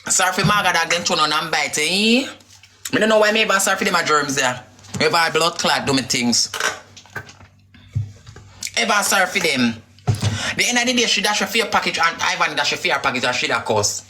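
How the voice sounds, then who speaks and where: A woman with a Jamaican accent who talks fast and heatedly, swearing often, while hosting a livestream chat. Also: on the low side, expressive, noisy background. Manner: rapid, heated and profane.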